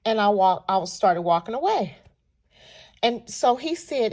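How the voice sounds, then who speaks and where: A woman vlogger from California telling a personal story in an animated, chatty way. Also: mid-range voice, a little slow. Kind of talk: storytelling vlog.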